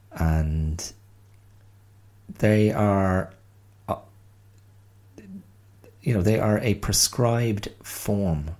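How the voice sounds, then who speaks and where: A man in his fifties hosting a podcast, talking through a casual solo monologue in a reflective, halting way with many pauses and fillers. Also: sits low, warm tone. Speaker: podcast host.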